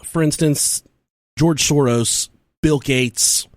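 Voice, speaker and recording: A podcast co-host with a slightly high voice speaks slowly, recorded with clean studio sound and no room echo. During casual podcast chat, he tells stories full of swearing, animatedly acting out what people said.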